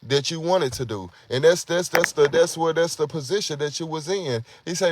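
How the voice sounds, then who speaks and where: A man's voice: a little high, moderate pace, hardly any pauses, noisy background. A man giving an informal sermon, talking conversationally, often repeating words and acting out quoted prayers. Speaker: preacher.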